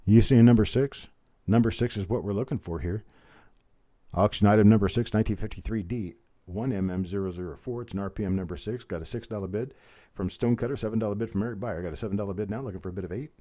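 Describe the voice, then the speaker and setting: A man leads a live coin auction on the internet, his lowish, dark voice moving at a quick pace. The bid calls come again and again, broken up by friendly asides to those bidding.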